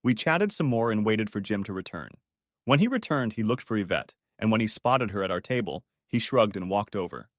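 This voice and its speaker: A man narrating a story audiobook in a steady, expressive reading style. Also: lowish voice, brisk, no echo, clean studio sound.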